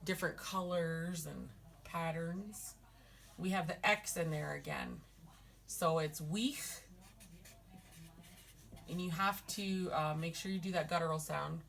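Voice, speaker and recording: A woman's voice: low-pitched, gravelly, a bit bright. A woman teaching a language lesson, patiently repeating words syllable by syllable. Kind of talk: slow spoken language lesson.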